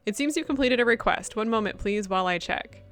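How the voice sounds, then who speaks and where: A woman's voice: on the high side, lively intonation, a little fast, a bit bright. A woman voicing a polite young female attendant who speaks in formal, precise wording. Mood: courteous.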